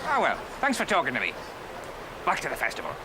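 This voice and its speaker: A man's voice: on the high side, wildly swooping pitch, fast, creaky, over a noisy crowd, very noisy. A man giving a comic mock news report as a field reporter, with a dry, sly delivery. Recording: over background music.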